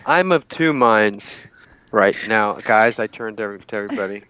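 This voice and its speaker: A man's voice: lowish voice, lively intonation, moderate pace, a bit bright, smooth. A man playing a tabletop game, thinking aloud in a wry, hesitant way. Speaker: player. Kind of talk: casual chat while playing.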